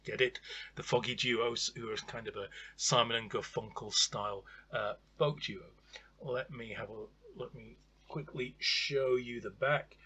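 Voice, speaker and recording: A chatty man talks through an old vinyl record in a relaxed review, wry and full of ums and uhs. His voice is bright and a little husky, at a middle pitch. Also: a little slow.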